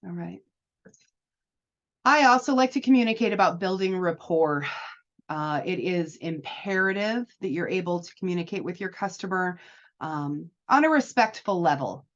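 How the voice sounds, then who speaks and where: A woman's voice: fairly low pitch, animated, normal speed. A woman coaching new insurance agents in a chatty, upbeat and encouraging way. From United States. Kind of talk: casual advice talk. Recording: slightly dull lo-fi audio.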